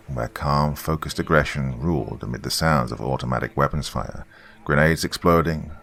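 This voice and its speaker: A man narrating a first-person military horror story in a grave, measured storytelling manner. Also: a bass voice. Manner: grave, measured storytelling with shouted quoted lines.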